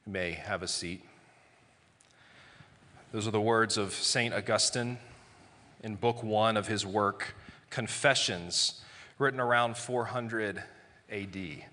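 Bright-voiced man preaching in a hall. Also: fairly low pitch, slow pace, long pauses. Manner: conversational preaching with playful acted-out quotes. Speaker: pastor. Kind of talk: sermon. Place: large church hall. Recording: live sermon with hall reverb.

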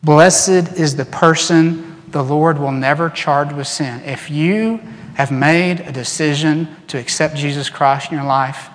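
A male pastor delivers an animated sermon from a church sanctuary, his somewhat high voice ringing with long reverb. He swings between lively acted-out quotes and quiet, earnest passages. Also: a little slow. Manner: animated preaching, acts out quoted voices, drops to soft earnest tones. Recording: long reverb in a large hall.

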